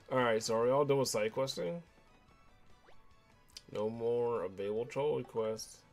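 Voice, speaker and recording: A man's voice: mid-range voice, slow, faint music behind. A man giving casual, joking commentary while playing a video game. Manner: joking, chatty, laughs at the game. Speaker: let's play host.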